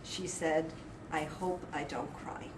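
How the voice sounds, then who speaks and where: Woman reading goodbye notes from coworkers, laughing as she goes, echoey room, loud noise, far mic. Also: low voice, steady tone, measured pace. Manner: warm-hearted, laughing between quotes, filler ums. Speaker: party organizer reading tributes. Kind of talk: reading colleagues' quotes aloud. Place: office party room.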